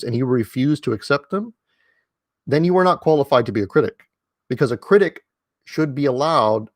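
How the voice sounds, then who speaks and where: Speaking from home, an online commentator delivers a casual monologue in the style of a lecture. He stresses single words heavily, repeats phrases for emphasis, and fills gaps with ums and restarts. His middling-pitched voice is recorded close and dry, with no room echo.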